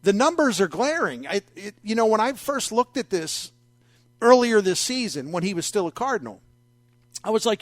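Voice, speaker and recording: A man hosting a sports talk radio show, talking in a wry, conversational, animated way into a studio mic. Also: high voice, moderate pace, dry recording. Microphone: studio microphone.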